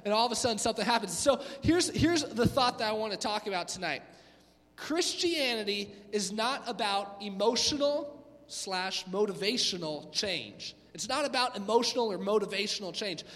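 Male youth pastor, high voice, lively casual preaching, long hall echo. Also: moderate pace. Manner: energetic, conversational, acts out voices. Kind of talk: youth sermon. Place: church hall.

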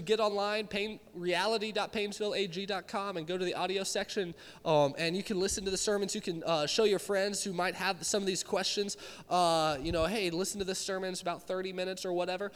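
A man's voice: high voice, fairly even intonation, brisk, smooth. A young man giving a youth sermon, telling stories animatedly and acting out his own reactions. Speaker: youth pastor. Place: church hall with live audience. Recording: reverberant hall.

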